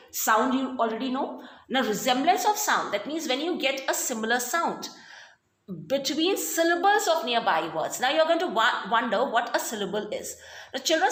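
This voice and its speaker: Woman teacher, Indian English accent, high and animated, echoey room, patient step-by-step explainer. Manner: explains slowly with many "okay" and "fine". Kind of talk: recorded online class lesson. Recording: roomy echo.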